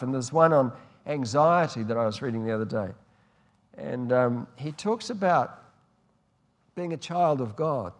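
A man preaching a sermon, telling warm stories and moving between hushed and emphatic delivery. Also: fairly high pitch. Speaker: pastor. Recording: long hall reverb.

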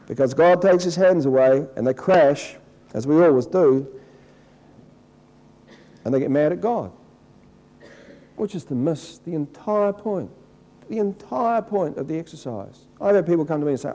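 A middle-aged man preaching a sermon in a conversational way, acting out people's complaints in a higher, whiny voice. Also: animated, moderate pace, pauses often, warm tone, low-quality recording. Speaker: pastor.

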